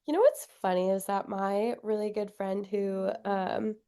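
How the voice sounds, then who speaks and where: A woman's voice: medium pitch, steady tone, measured pace, dark tone, clear, resonant tone. A young woman from the Midwest chatting casually on a podcast, upbeat and giggly, with lots of fillers. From Wisconsin. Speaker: podcast guest. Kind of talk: casual chat.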